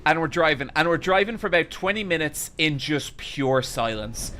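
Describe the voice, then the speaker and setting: A man streaming a game and telling a story casually, animated and exasperated, swearing constantly. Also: fairly high pitch, normal speed, faint music behind. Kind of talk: casual storytelling while gaming.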